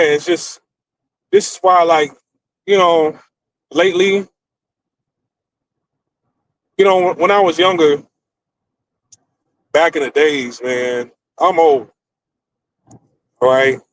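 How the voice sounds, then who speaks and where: A man's voice: fairly high pitch, no echo, low-quality recording. Blunt, profane American man ranting. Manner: blunt, profane, animated storytelling. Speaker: streamer host. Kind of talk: casual storytelling rant.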